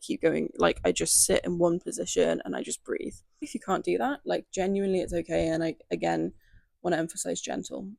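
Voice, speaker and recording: A young woman talking casually to camera in a gentle, chatty way, full of fillers and little asides. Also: lowish voice, gravelly, dry recording. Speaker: lifestyle video creator.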